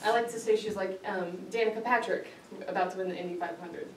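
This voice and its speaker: A woman gives a prepared, lighthearted speech to a club audience in a meeting hall, laughing often, in a steady mid-range voice and talking fast. The roomy hall is recorded with a distant mic, the audience audible, plus a little hiss or hum.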